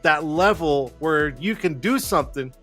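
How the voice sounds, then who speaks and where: Male talk-show host, slightly higher voice, easygoing and repetitive. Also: animated, normal speed, fairly bright tone, faint music behind. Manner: rambling, repeats himself, many fillers. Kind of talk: casual chat.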